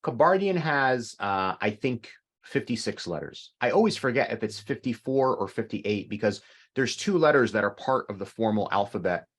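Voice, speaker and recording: A man's voice: lowish voice, animated, normal speed, fairly bright tone. A middle-aged man teaching an online language class over a video call, patiently explaining with examples. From North America.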